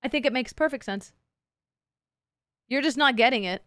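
High pitched woman streamer goofing around w chat, swears a ton, super dry close sound. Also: normal speed, fairly bright tone, no room sound. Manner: playful, crude, swears a lot, teases chat. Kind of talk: casual live-stream chat.

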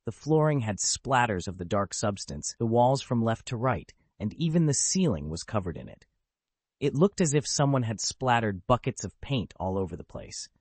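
A man narrating a fantasy novel audiobook with expressive storytelling. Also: mid-range voice, normal speed, slightly rough, dry recording. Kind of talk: scripted narration.

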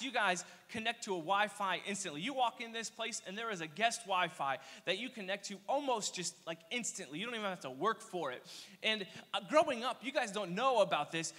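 Bright high-voiced young youth pastor. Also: male voice, brisk. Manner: energetic, slangy storytelling with playful asides. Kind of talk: casual youth sermon. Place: church hall. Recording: long reverb of a church hall.

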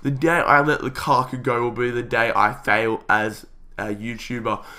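A young man giving excited commentary over a football video game, calling the play like a match commentator, his voice strained and going. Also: medium pitch, normal speed. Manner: shouts at goals, calls play like a match commentator. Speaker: YouTuber playing a football career mode.

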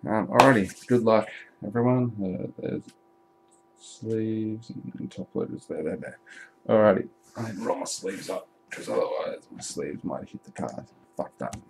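A man with a lowish voice giving casual live commentary while he opens trading card packs. He talks in an unhurried drawl, swears freely and breaks into loud excited shouts at good pulls. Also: vocal fry, noisy background. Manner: chatty and profane, bursts into excited shouting.

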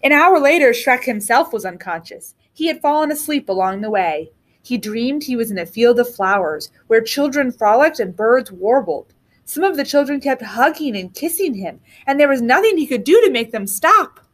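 A woman teacher reads a picture book aloud with expressive storytelling. Her voice is on the higher side and moves a lot in pitch. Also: moderate pace.

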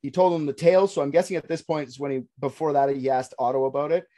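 A man's voice: fairly high pitch, fast talker, mellow. A man hosting a podcast, telling a story in a casual, jokey way and swearing freely.

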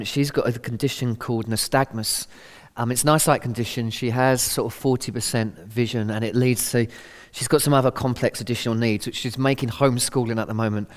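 A man's voice: mid-range voice, big-room sound. A middle-aged man giving a conversational, earnest sermon talk, acting out quotes as he goes. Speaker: Christian speaker.

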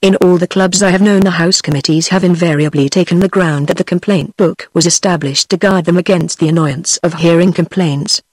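A woman's voice: on the low side, brisk, few pauses, husky, no echo. A text-to-speech woman's voice with a British accent reading the lines of a weary old male legal scholar, evenly paced. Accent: British English. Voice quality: even synthetic reading voice.

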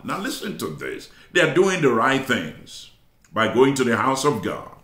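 A man preaching a sermon as bishop, emphatic, stretching out key phrases slowly for effect. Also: mid-range voice, wildly swooping pitch, a bit bright. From Africa. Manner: emphatic preaching with dramatic slow drawn-out phrases. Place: church sanctuary. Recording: echoey church hall.

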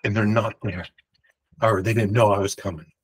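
A man host telling a personal story in a rambling, animated way, often cutting himself off. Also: fairly low pitch, moderate pace, slightly rough, poor audio. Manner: rambling, animated, self-interrupting retelling.

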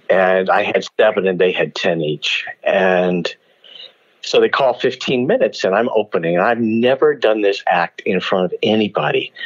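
Lively older man telling stories, muffled audio. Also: sits low. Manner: animated, laughs often, does voices in anecdotes. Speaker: guest actor. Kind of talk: storytelling interview. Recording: dull lo-fi audio.

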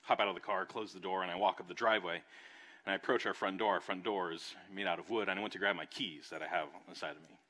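A man's voice: low voice, fast talker. A young adult man, a pastor preaching a sermon and telling a personal story, acting out voices along the way. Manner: animated storytelling, acts out voices. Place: church service.

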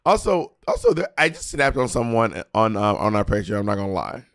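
A man's voice: fairly low pitch, a little fast. A man co-hosting a podcast in casual chat, telling stories with lots of acted-out quotes and crude, teasing banter. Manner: animated storytelling, acts out quotes, crude banter. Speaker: podcast co-host.

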